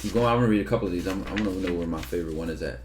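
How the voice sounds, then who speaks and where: A man's voice: deep voice, rapid-fire, darkish tone, a little hiss or hum. A young man livestreaming, talking casually and emphatically, with lots of profanity, and sometimes reading aloud from a book.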